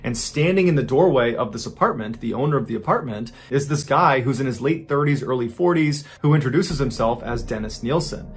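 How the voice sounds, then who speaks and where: A man's voice: mid-range voice, animated, fairly quick, few pauses. A man hosting a podcast, telling a true-crime story in a casual, conversational way that builds suspense. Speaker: podcast host.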